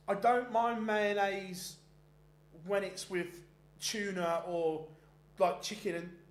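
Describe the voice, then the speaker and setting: A man hosting a darts stream, chatting casually and rambling with frequent restarts between bits of live commentary. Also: sits high. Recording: roomy echoey sound.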